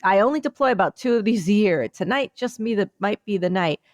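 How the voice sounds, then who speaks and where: A woman co-hosting a podcast, chatting casually and telling a rambling, animated story. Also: medium pitch, brisk, no echo. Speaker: podcast co-host. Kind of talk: casual chat.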